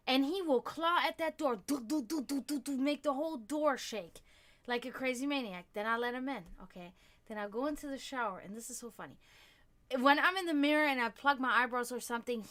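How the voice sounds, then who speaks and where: A woman's voice: sits high, fairly bright tone. A woman hosting a casual livestream, chatting with viewers and laughing often as she talks. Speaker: livestream host.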